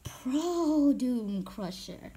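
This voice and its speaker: A woman with a high voice that swings widely up and down, giving live gameplay commentary. She reacts excitably and loudly, then drops to a hushed whisper when she sneaks around in the game. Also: extremely slow, noisy background. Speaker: gaming channel host.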